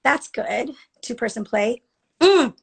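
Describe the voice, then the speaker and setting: A woman's voice: a little high, expressive, slow, creaky, slightly rough. A woman chatting casually on a live video, rambling and acting out the thoughts she quotes. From Latina. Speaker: actor on a live chat. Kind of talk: casual chat.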